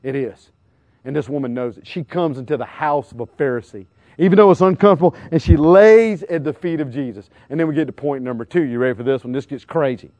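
This middle-aged man talks fast in a fairly high voice, recorded dry, as he preaches like an evangelist. Animated throughout, he quizzes the crowd and plays out scenes from daily life.

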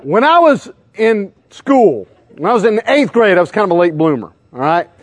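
A man, preaching to a live crowd in a humorous, excitable storytelling way with sudden loud outbursts. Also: high-pitched, moderate pace.

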